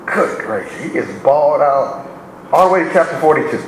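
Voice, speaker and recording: A man's voice: a little high, brisk. A man, a bishop, preaching a sermon full of humor, acting out the voices of people he quotes. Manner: animated, joking, acts out quoted speech. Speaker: bishop and pastor. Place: church. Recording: echoey church with background noise.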